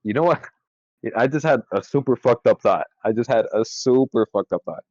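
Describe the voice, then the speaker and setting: A young man co-hosting a casual podcast, his pitch bouncing all over as he jokes and swears. His voice sounds close and dry, with a dull, lo-fi tone. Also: moderate pace, no room sound. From California. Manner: excitable, swears a lot, laughs often. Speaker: podcast co-host. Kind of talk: casual chat.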